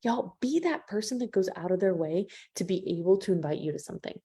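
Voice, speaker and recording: Animated woman coach, mellow voice. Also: mid-range voice, fairly quick, slightly rough. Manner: animated, acts out quoted voices, addresses listeners as y'all. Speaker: business coach. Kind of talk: live coaching training.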